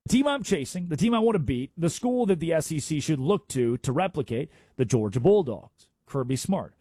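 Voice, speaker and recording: A male sports radio host who is opinionated and theatrical. He makes his case with rhetorical questions. His slightly high, husky voice swings widely in pitch, and he sits close to a studio mic in a dry booth. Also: lively intonation, a little fast, mellow, dry recording. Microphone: studio microphone.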